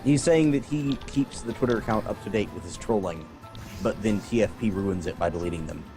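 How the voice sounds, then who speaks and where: A man's voice: fairly low pitch, a little fast, over music. Rambling man chatting about games. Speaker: podcast co-host. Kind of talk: casual gaming chat.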